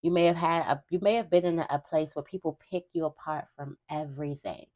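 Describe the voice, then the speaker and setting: A woman's voice: deep voice, fairly even intonation, a little fast, muffled recording. A young woman giving a spiritual reading to her viewers in a casual, emphatic way, repeating phrases as she talks. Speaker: tarot reader.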